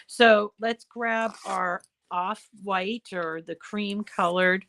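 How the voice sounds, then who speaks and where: Woman, hoarse, crafting tutorial host, unhurried, chatty step-by-step talk. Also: mid-range voice, fairly even intonation, a bit bright. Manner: chatty, step-by-step with fillers and throat clearing.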